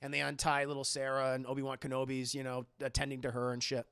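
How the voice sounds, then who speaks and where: A man's voice: mid-range voice, completely flat delivery, quick pace, creaky, a bit bright, clear, resonant tone. A man reviewing a film on stream, recapping its plot for his chat in a profane, jokey way and acting out the characters. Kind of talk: casual spoiler recap.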